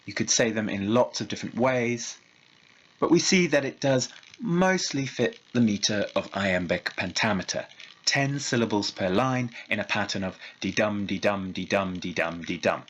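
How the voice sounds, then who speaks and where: A male lecturer giving a recorded lecture in a measured, explanatory way and reading verse slowly. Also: mid-range voice, animated, fairly bright tone, rough recording.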